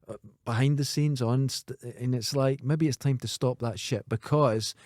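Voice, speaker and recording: A man with a Scottish accent co-hosting a casual podcast, blunt and jokey and quick to mock. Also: medium pitch, steady tone, darkish tone, no echo, studio quality. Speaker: podcast co-host.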